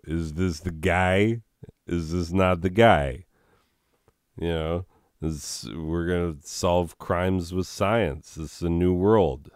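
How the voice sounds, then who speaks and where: A man with a low, smooth voice drawls through a game's text at an unhurried pace. He rambles and keeps breaking off for sarcastic jokes and filler words. The sound is dry and close, with no room around it. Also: a little mellow, no room sound. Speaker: let's play host. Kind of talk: casual commentary reading in-game text.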